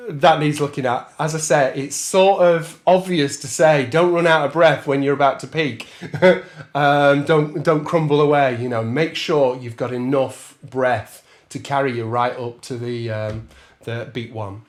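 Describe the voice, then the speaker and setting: Chatty trombone teacher scatting. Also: male voice, mid-range voice, steady tone, measured pace. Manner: chatty, laughs often, scats rhythms while counting. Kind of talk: masterclass talk with sung counting.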